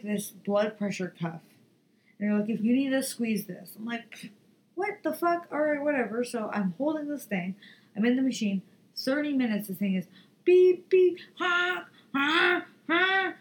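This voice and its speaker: A tired woman hosting a podcast, telling a story in a profane, rambling, animated way. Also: medium pitch, slight background noise, rough recording. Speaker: podcast host. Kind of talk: casual solo podcast monologue.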